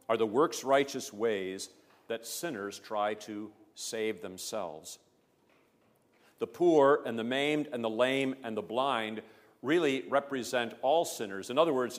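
A male pastor delivering a sermon in a measured, emphatic way, pressing hard on key words. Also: mid-range voice. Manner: emphatic, measured preaching with rising stresses. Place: church. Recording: long church reverb.

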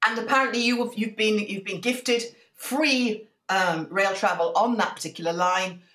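A woman's voice: medium pitch, normal speed, fairly bright tone, natural voice. Woman doing a dry, straight-faced chat-show host. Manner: dry, mock-serious questioning. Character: deadpan female chat-show interviewer. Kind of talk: improvised comedy interview.

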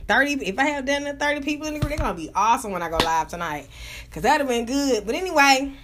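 A high-voiced woman with a Southern US accent talks fast and loose, piling up profanity and restarting her sentences as one thought tumbles into the next. Her casual commentary races along in quick, rambling bursts. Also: expressive, background noise. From Georgia, US South. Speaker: vlogger reviewing rap tracks.

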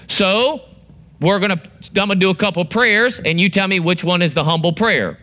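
A man's voice: sits high, normal speed, pushed and bright. A man preaching a sermon, acting out prayers and quotes with big swings in his voice. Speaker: pastor.

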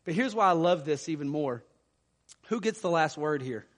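Male pastor, high voice, animated sermon delivery in a reverberant church hall. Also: moderate pace. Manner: animated, rising loud for emphasis, reads scripture aloud. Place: church sanctuary.

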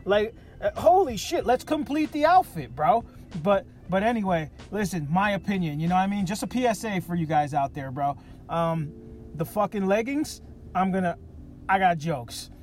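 A man's voice: high-pitched, moderate pace. A man hosting a podcast, talking in a casual monologue that is profane, jokey and ranting. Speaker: podcast host.

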